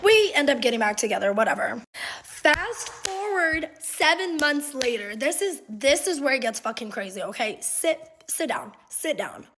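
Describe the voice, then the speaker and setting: A woman's voice: sits high, normal speed, noisy background. A young adult woman telling a story from her own life in a casual vlog, with lots of swearing and constant fillers. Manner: animated, profane, fillers "like" constantly.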